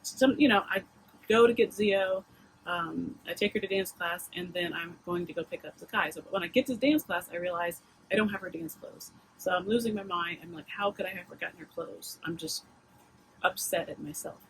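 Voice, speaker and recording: Emotional, halting woman vlogger. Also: lowish voice, slight background noise, rough recording. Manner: emotional, halting, with many restarts. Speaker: vlogger mom. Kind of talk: casual confessional vlog talk.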